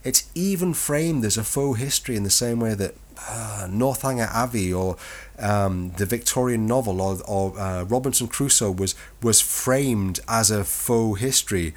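A man's voice: fairly low pitch, normal speed. A man hosting a podcast, delivering a sardonic, profane monologue on literature in a lecturing tone. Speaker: podcast host.

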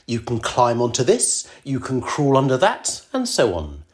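Low-voiced lady narrating her podcast, very sing-song, jokey mock alarm. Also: wildly swooping pitch, a little slow, a little mellow. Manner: self-deprecating, exclaiming in mock alarm. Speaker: podcast host.

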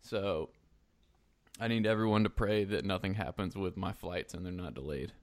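A man's voice: deep voice, normal speed, no echo. A man hosting a podcast in casual chat, joking around and laughing often. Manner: joking, laughs often, breaks into mock singing. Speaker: podcast host.

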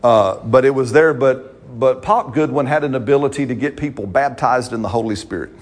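A man's voice: mid-range voice, a little fast. A man, preaching a sermon as pastor, talking to the congregation in a conversational way and often checking in with "right?".

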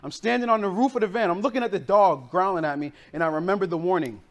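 A man preaching a sermon, telling a childhood story in a casual, slangy, animated way, originally from the northern United States. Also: high voice, quick pace. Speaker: pastor.

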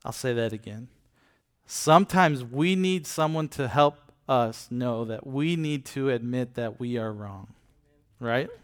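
Using plain, everyday words, this man walks listeners through scripture in a relaxed Bible lesson, often pausing to ask "okay?" or "right?". His voice sits at medium pitch and sounds smooth.

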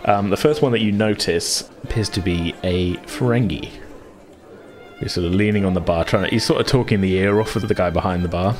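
A man narrating a tabletop game as game master, laid-back and chatty with lots of fillers and chuckles. His voice sits fairly low, with soft music faint underneath. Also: fairly quick. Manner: casual, chuckling, filler-heavy.

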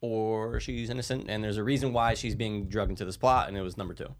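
A man's voice: lowish voice, fairly even intonation, fast. A man co-hosting a casual movie discussion, talking in a laid-back, meandering way with some swearing. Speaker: podcast co-host.

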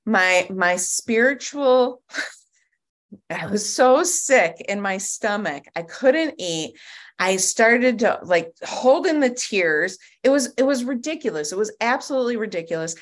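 Woman, recovery meeting speaker, personal testimony, video call, animated storytelling, frequent restarts, medium pitch. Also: a little slow.

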